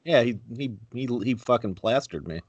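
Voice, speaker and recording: A man's voice: medium pitch, expressive, slightly rough, no room sound, highs cut off. Laid-back middle-aged man, dry sound. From Buffalo, New York. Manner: laid-back, halting, wry. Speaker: podcast co-host. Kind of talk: casual chat.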